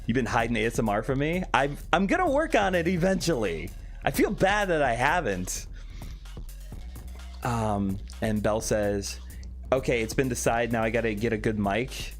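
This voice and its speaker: Lively young man streaming over soft music. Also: medium pitch, moderate pace. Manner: reads chat aloud, joking and candid. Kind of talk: casual live-stream chat. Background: faint background music.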